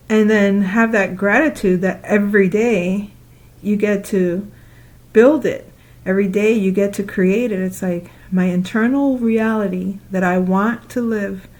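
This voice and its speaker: Woman, casual spiritual monologue, mid-pitched, animated, acts out her own inner voice, chatty and rambling. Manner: animated, acts out her own past thoughts with laughing asides; repetitive listing, loose conversational phrasing. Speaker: spiritual speaker.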